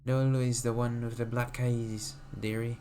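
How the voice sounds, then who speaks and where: A man's voice: mid-range voice, level tone, mellow, a little hiss or hum, natural voice. A man putting on a creepy old granny. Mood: creepy doting. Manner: slow, sing-song, doting "dearie" refrain. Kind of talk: reading a game note aloud in character.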